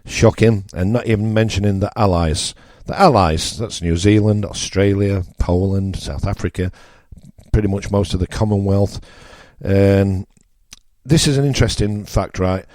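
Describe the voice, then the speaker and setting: A man's voice: on the low side, moderate pace, a little mellow, no room sound, studio quality. Blunt northern English man ranting. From northern England. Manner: blunt, ranting, emphatic repetitions. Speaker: radio show host. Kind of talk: opinionated political monologue.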